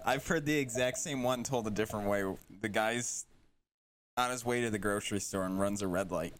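A man's voice: fairly low pitch, brisk, a bit bright, a little hiss or hum. A man co-hosting a casual podcast, easygoing and steering the conversation. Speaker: podcast co-host.

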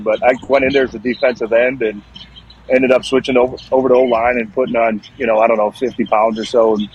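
Brief: man in his thirties, football vet guest, swears a lot, rambles through stories, mid-pitched voice, faint noise underneath. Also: poor audio. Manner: profane, rambling storyteller. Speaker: former NFL offensive lineman guest. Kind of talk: casual podcast chat.

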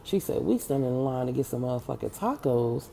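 A man's voice: medium pitch, expressive, fairly quick, creaky, mellow, slight background noise. A man telling a casual story straight to the camera. He talks bluntly, swears freely and acts out everyone's lines. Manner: blunt, profane, acts out quoted voices.

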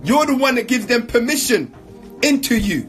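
A man's voice: very high-pitched, sing-song, moderate pace, fairly bright tone, faint music behind. A man giving an emphatic, repetitive motivational talk in slang while answering audience questions.

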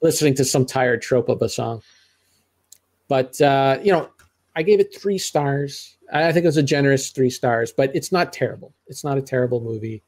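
A man's voice: mid-range voice, normal speed, a little mellow. A middle-aged man co-hosting a podcast, chatting casually about movies in a rambling way, full of restarts and asides. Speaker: podcast co-host reviewing movies. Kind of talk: casual movie-review chat.

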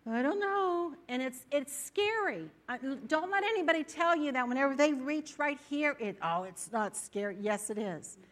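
A woman preaching a sermon in a church, animated and conversational, often acting out the doubts of her listeners. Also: high-pitched, normal speed, hardly any pauses. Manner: animated, acts out inner voices.

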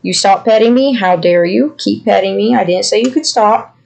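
A man voicing his spoiled female pet dog as bossy and indignant, with a gravelly edge. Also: high voice, normal speed, a little mellow.

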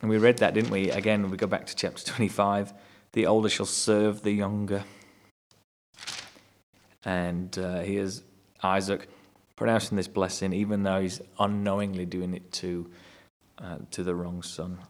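A man's voice: low voice, little pitch movement, normal speed, pauses often. A man teaching through a Bible chapter, reading verses aloud and explaining them in a conversational way. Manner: conversational, rereads verses with rising emphasis.

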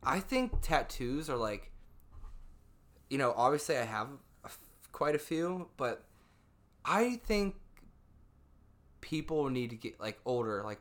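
A man's voice: medium pitch, fairly bright tone. A young man co-hosting a casual podcast, teasing his friend, laughing often and swearing freely. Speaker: podcast co-host. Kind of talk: casual chat.

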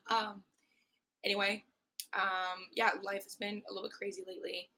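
A young woman hosting a casual solo podcast, her voice hoarse and worn, chatty and swearing often with mock-aggressive rants. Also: medium pitch, flat delivery, moderate pace, pauses often, bright, forceful tone, slight background noise, low-quality recording. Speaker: podcast host.

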